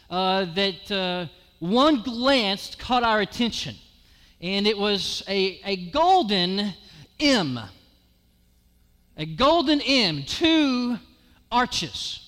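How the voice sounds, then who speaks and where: A man's voice: sits high, sharp tone, clear, resonant tone, long reverb tail. A man preaching as a guest pastor, telling a personal story within a sermon and building to emphatic, raised passages. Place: church sanctuary.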